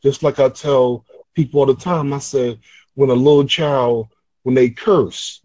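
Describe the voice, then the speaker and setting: A man who is a guest on a podcast, telling a story in a relaxed, conversational way with loose, casual grammar. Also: mid-range voice, measured pace, no room sound. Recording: muffled, dull, dry line.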